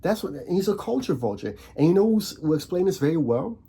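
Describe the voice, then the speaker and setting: A man's voice: a little high, very animated, a little fast, warm tone, slightly rough. A man from the Netherlands ranting casually on camera, repeating himself and firing rhetorical questions. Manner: repetitive, restarts often, asks rhetorical questions. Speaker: commentary vlogger. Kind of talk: casual rant.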